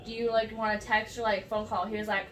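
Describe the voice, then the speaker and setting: A woman's voice: a little high, flat delivery, fast. A teenage girl hosting a podcast, telling a long story with lots of "like"s, laughing and close to tears. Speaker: podcast host. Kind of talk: casual chat. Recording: far from the mic in an echoey room with faint noise.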